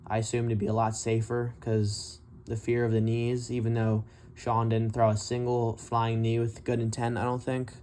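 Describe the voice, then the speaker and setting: A man's voice: mid-range voice, completely flat delivery, moderate pace, warm tone, a little hiss or hum. A man giving casual, profane commentary on a fight, blunt and mocking as he rants. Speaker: MMA commentary vlogger.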